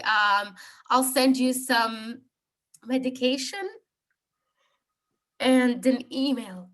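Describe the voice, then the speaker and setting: A woman's voice: fairly high pitch, fairly even intonation, takes it slowly, pauses often, a bit bright. A woman in her thirties telling her personal healing story as a guest on a call, hesitant, with many fillers and restarts. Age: 30s. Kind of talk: personal testimony on a group call.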